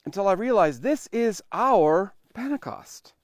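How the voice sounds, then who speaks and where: A male pastor preaches a sermon in a fairly high voice, recorded close and dry. He tells the story in measured, paced phrases. He builds to loud emphasis and then drops to hushed, almost whispered lines. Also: animated, no room sound. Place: church online worship recording.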